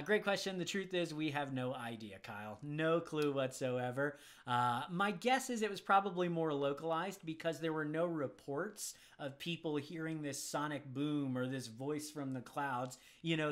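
A man's voice: a little high, a bit bright. Man casually answering Bible questions. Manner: conversational, thinks aloud. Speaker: Bible teacher.

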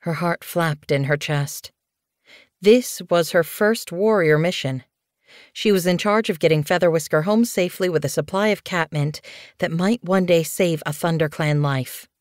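A woman narrating an animal story audiobook in a clear, measured, scripted reading. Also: on the low side, dry recording, clean studio sound.

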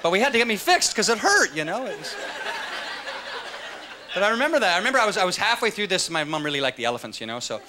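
A male stand-up comic performs live, his high-pitched voice swinging widely in pitch at a quick pace, with background noise present. He jokes loosely with rhetorical asides, and the stage mic catches loud crowd laughter.

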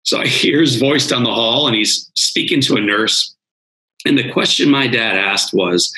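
Man, guest speaker, earnest dramatic storytelling, bright forceful tone. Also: medium pitch, normal speed, low-quality recording. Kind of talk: podcast interview storytelling.

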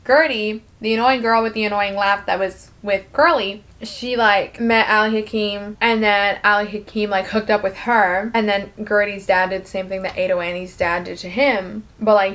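A young woman talking casually and quickly as she recaps a musical, dropping into quick voices for the characters. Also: mid-range voice, a bit bright. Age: young adult. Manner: chatty, fast, acts out the lines with quick put-on voices. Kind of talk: casual recap while eating.

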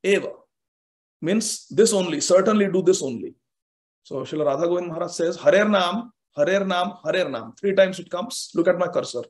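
A man's voice: sits high, animated, a little fast. A man giving a scripture class who speaks emphatically, repeats phrases for stress and chants Sanskrit verses. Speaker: scripture teacher.

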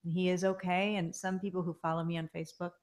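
Chatty lower-voiced woman host. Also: level tone, quick pace, a little mellow. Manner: chatty, laughs often, reads viewer comments. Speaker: show host. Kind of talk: casual livestream chat. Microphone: desk mic.

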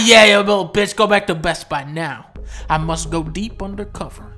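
A man giving comedic gameplay commentary, profane and mocking, dropping to low mutters and then bursting into shouts. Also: moderate pace.

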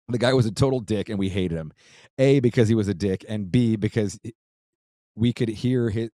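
A man's voice: fairly low pitch, warm tone, no echo, clean studio sound. A man hosting his podcast, chatting casually and reading a listener's letter, loose and profane, laughing easily with frequent restarts. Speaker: podcast host.

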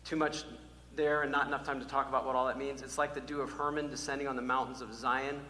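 A man preaching a sermon as pastor, animated, drawing out key words slowly for emphasis. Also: mid-range voice. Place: church sanctuary. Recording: echoey church hall, faint hum.

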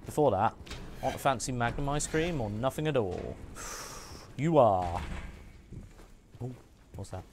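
A man's voice: mid-range voice, animated, unhurried, pauses often, darkish tone, slight background noise. A man streaming a game, chatting and joking and muttering asides to himself as he plays. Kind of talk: casual gaming commentary.

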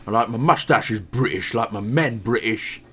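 A man's voice: lowish voice, moderate pace, fairly bright tone, slightly rough. A man hamming up a boastful British patriot bloke. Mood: mock-proud. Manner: jokey, exaggerated bragging.

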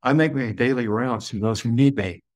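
A man voicing a calm hospital priest as he quotes him in a story. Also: medium pitch, moderate pace, natural voice.

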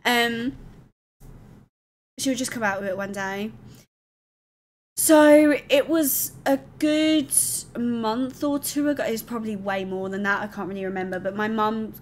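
A woman's voice: mid-range voice, steady tone, normal speed, slight background noise. A woman streaming live, chatting candidly and thanking viewers affectionately, calling them darling. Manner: candid and emotional, rambling. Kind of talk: casual live-stream chat.

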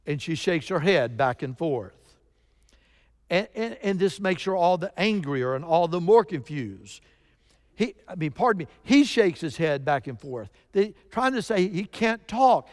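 A man preaching a sermon as pastor, telling a story with sudden emphatic rises in his voice. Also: sits high. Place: church sanctuary. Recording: long reverb of a church sanctuary.

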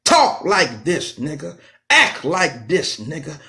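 A man voicing a cruel, menacing male slave overseer who jeers and taunts slowly. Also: fairly high pitch, wildly swooping pitch, bright, forceful tone, heavily acted. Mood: taunting. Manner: taunting, jeering, slow and mocking.

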